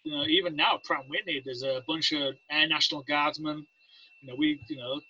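A man's voice: on the high side, steady tone, a little fast, sharp tone, breathy edge, no echo, lo-fi sound. A man with an English accent, a Navy veteran guest on a podcast, rambling through stories and acting out what people said. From England. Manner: rambling, anecdotal, acts out quotes. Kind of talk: casual storytelling.

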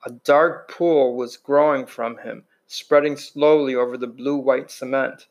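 A man's voice: medium pitch, steady tone, measured pace, rough recording. Man reading a novel aloud, stumbling. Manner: plain reading with restarts and slips. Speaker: reader.

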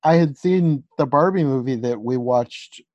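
A woman's voice: rumbling low, unhurried, a little mellow, no echo, muffled recording. A young woman co-hosting a podcast, chatting casually about a movie in a rambling way, full of "like" and small laughs. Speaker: podcast co-host. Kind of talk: casual chat reviewing a movie.

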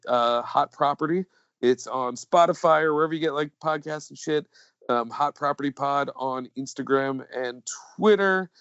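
A man's voice: a little high, fairly bright tone, clear, resonant tone, no room sound. A man co-hosting a podcast in casual chat, rambling with lots of fillers and jokes. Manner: rambling, filler-heavy, jokey. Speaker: podcast co-host. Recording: dull lo-fi dry sound.

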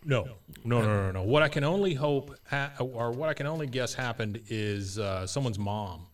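Deadpan man hosting, mic a bit distant. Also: mid-range voice, normal speed. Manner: dry, deadpan joking. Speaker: podcast host. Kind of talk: casual chat.

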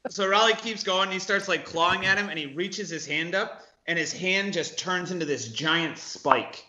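A man's voice: high-pitched, normal speed, bright, forceful tone, reverberant, dull audio. A man playing a tabletop game over a video call, narrating his character's actions loosely with lots of likes. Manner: loose, storytelling, many likes. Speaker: player.

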